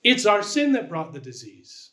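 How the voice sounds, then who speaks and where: A man's voice: high voice, wildly swooping pitch, moderate pace, sharp tone. A man, the church's pastor, preaching a sermon in a conversational style, often checking in with "right?".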